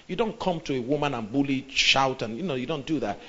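A man's voice: mid-range voice, fairly quick. Preacher guy teaching on relationships, acts out little voices, kinda muffled audio. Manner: animated, acts out quoted voices, checks in with the audience. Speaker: pastor.

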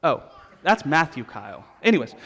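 A male pastor preaching a sermon, telling stories with repeated refrains in an animated way. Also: fairly high pitch, moderate pace, breathy edge. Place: church sanctuary. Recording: long reverb of a church hall.

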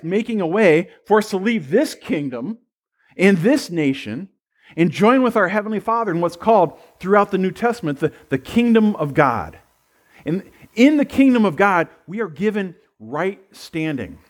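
A man with a notably high speaking voice preaches to his congregation. He is middle-aged and talks in a relaxed, conversational way. He wanders into asides and restarts his phrases as he goes. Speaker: pastor. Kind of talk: sermon.

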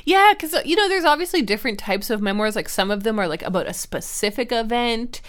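A woman's voice: fairly high pitch, lively intonation, fast. A woman chats on a podcast in a loose, rambling way, packing her talk with fillers and little laughs. She teases herself as she tells a story and keeps her tone light. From Canada. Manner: chatty, giggly and self-mocking, with many fillers. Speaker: podcast co-host and book YouTuber. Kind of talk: casual chat.

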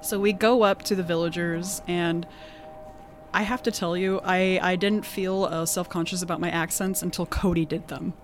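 A woman with an accent casually recapping a tabletop game session, animated and laughing often, peppering her talk with "like". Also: fairly low pitch, moderate pace, faint music behind. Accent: non-standard accent of her own. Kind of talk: casual storytelling chat.

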